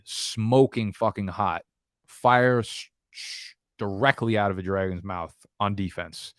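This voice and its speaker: Brief: male fantasy football streamer, New York-area accent, lowish voice, blunt and profane, dry close sound. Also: dry recording. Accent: New Jersey/New York. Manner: profane, emphatic, rambling. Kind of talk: casual live stream chat.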